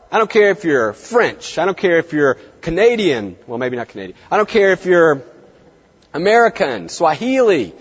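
An emphatic male consultant lecturing to a seminar, his voice swinging widely and dropping low for effect. He sits a little high and slightly husky, and the recording is dull and lo-fi with a long hall reverb trailing behind. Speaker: veterinary practice consultant.

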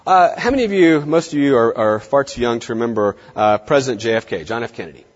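A middle-aged man giving a lively lecture to veterinary students, swinging his tone and pace for drama. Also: mid-range voice, quick pace. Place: large lecture hall. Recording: dull, echoey lecture hall recording.

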